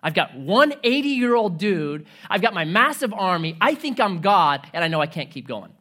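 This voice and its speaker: A brash, self-important king who thinks he is a god, put on by a man in a sermon. He talks in slangy, swaggering bursts. His pitch leaps around. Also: very animated, normal speed, sharp tone, full character voice.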